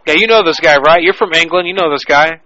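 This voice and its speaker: Fast-talking crude prank-show host man. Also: on the high side, pushed and bright, dry recording, muffled recording. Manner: crude, profane, joking. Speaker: host taking calls. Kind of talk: prank call show banter.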